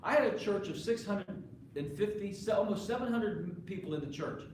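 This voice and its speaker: A man's voice: high-pitched, animated, moderate pace, a little hiss or hum. A male pastor preaching a sermon to his congregation in a conversational way, often putting questions to the listeners. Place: church sanctuary. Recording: echoey live church recording from far off.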